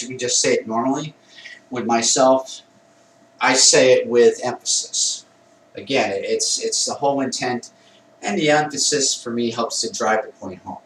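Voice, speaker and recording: Man, Wicca priest, walks through a ritual, plain and conversational; mic at a distance, faint background noise. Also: mid-range voice. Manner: plain conversational explaining with self-corrections. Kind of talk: instructional ritual demonstration. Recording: echoey room, mic at a distance.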